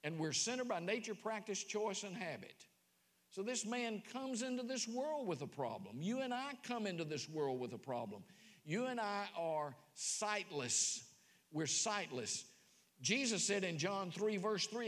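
A pastor delivers a sermon in a high, lively voice that leaps up and down. He keeps quizzing the congregation with rhetorical questions. His words ring out with a long church reverb. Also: measured pace. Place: church sanctuary.

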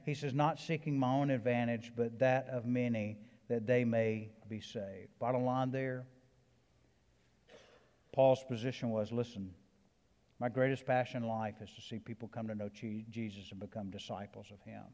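Southern pastor preaching in a reverberant hall. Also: male voice, medium pitch, steady tone, normal speed. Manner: emphatic, rising to loud preaching peaks, conversational asides. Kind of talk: sermon. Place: church sanctuary.

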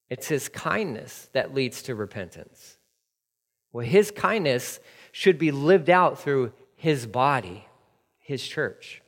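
A man's voice: on the high side, long reverb tail. A man, preaching a sermon in a candid, conversational way full of stories and asides. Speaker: pastor.

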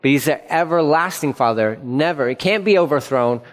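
A man's voice: a little high, lively intonation, brisk. A middle-aged man preaching a sermon as pastor, earnest, repeating phrases for emphasis. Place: church sanctuary. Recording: long reverb of a church hall.

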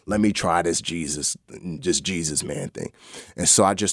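A man as a podcast guest, telling his personal faith story in earnest, often dropping to a soft low voice at the hard parts. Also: fairly quick, no echo, studio quality. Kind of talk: personal testimony in a podcast interview.

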